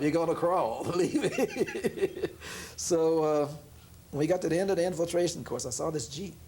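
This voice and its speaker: Gravelly man telling a laughing story. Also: on the high side, slight background noise. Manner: animated storyteller, laughs often, acts out quoted voices. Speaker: jazz pianist interviewee. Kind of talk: relaxed storytelling interview. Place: room in an apartment.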